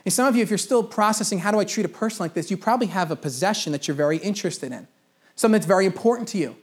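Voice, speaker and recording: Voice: mid-range voice, lively intonation, racing, slightly rough. A pastor preaching a sermon in a conversational way, repeating key phrases for emphasis.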